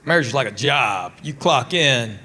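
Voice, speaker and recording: A man's voice: medium pitch, animated, normal speed. A man doing stand-up comedy and crowd work, with a dry, mock-insulting way of teasing the audience. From Tennessee. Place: live comedy stage. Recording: loud background noise on stage.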